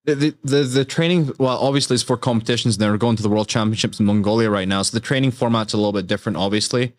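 A man hosting a casual interview, chatty and quick to agree. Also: fairly low pitch, no room sound. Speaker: interviewer, podcast host.

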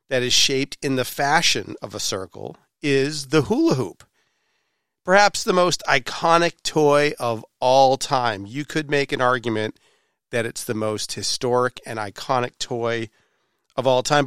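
A man's voice: medium pitch, a bit bright, smooth, dry recording, studio quality. A man hosting a podcast interview, with a playful, showy way of building up his guest. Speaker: podcast host. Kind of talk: casual interview.

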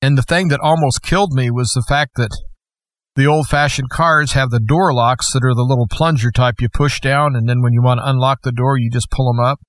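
A man telling a personal testimony in an earnest, deliberate storytelling manner. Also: medium pitch, steady tone, no room sound.

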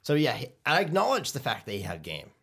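A man's voice: mid-range voice, fast, vocal fry, husky. A man on a podcast telling a gaming story in casual chat, swearing freely and acting out what people said. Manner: animated, swears, acts out quotes. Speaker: podcast host.

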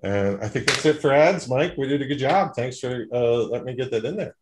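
Male co-host doing halting plugs. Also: mid-range voice, expressive, noisy background. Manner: halting, filler-heavy. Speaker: comedy show co-host. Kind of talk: casual plugs and banter.

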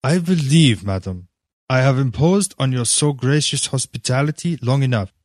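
A man's voice: mid-range voice, expressive, moderate pace, a little mellow, no echo, studio quality, voice pushed up, close to an everyday voice. A man voicing an earnest, idealistic seventeen-year-old boy who speaks politely and formally. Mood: dignified.

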